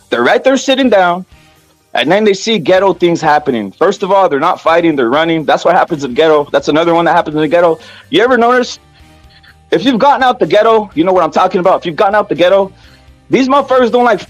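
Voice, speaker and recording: A man's voice: high-pitched, animated, quick pace, dry recording, faint music behind. A man hosting a casual boxing rant, profane, repetitive and heated. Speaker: boxing commentary channel host.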